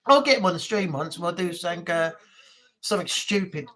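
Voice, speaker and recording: A man's voice: high-pitched, animated, fast, sharp tone. A man from England hosting a casual live chat, rambling with many ums. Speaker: live stream host.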